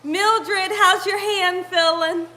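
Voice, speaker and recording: High bright-voiced woman hosting a live cooking stream. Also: fairly even intonation, takes it slowly. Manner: chatty, greets viewers by name, laughs often. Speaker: cooking channel host. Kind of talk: live-stream chat with viewers. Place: home kitchen.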